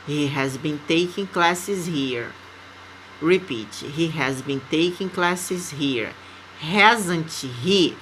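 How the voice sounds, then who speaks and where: A woman with a Brazilian Portuguese accent teaching English, reading out words and example sentences slowly and carefully. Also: low voice, fairly bright tone, a little hiss or hum, poor audio. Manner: slow, deliberate dictation of words and example sentences. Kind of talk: recorded English lesson.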